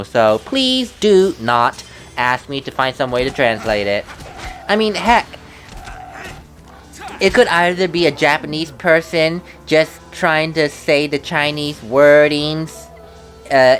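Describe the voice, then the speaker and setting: A woman with a low voice narrates her game playthrough in a loose, rambling way, stumbling and restarting her sentences as she goes. Her pitch swings widely between low mutters and excited highs, with soft game music faintly behind her. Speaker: let's play commentator. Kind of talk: casual gameplay commentary.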